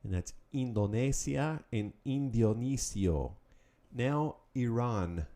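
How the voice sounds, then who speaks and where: A man hosting a Spanish lesson podcast, calling out words, pausing, then giving the answers in an upbeat, patient way. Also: mid-range voice, animated, warm tone. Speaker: Spanish teacher. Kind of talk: podcast language drill.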